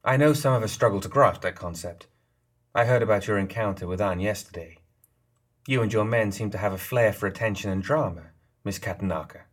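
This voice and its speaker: Sly geisha woman in charge, read by a male narrator: smug, teasing, a little husky, slightly raised from a lowish voice. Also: a little fast, lightly acted. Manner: playful, teasing and knowing.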